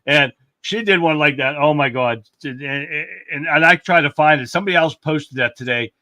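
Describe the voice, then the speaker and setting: A man's voice: a little high, moderate pace, sharp tone, no echo. A man co-hosting a casual political livestream, chatting loosely and reading viewer comments aloud. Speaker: livestream co-host.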